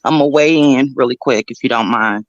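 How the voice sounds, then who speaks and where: A woman's voice: rumbling low, normal speed, muffled recording. A middle-aged woman calling in to a talk show, speaking in a motherly, encouraging way and using affectionate pet names. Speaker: caller giving advice. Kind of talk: supportive call-in chat.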